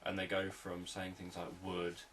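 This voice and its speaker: A man, a hypnotherapist, explaining sales techniques in a calm, repetitive, unscripted teaching talk. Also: low-pitched, moderate pace, far from the mic, a little hiss or hum, low-quality recording.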